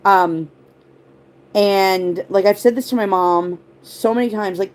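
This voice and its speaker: Low-voiced rambling woman livestreamer. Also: a little slow, a little mellow. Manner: rambling, tangent-prone, heavy use of "like"; answers viewer chat comments. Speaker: livestream host. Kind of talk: casual livestream chat.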